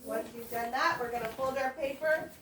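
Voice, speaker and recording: In an echoey, noisy classroom recorded from a distance, a high-voiced woman teaches primary school children at a normal speed. She gives patient, step-by-step directions along with encouragement.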